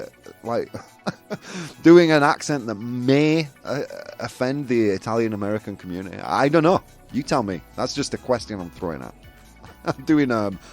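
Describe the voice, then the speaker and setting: Male host of a live chat show: animated, teasing, laughs a lot, his pitch swinging high and low over faint music. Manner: animated, laughs often, provocative asides.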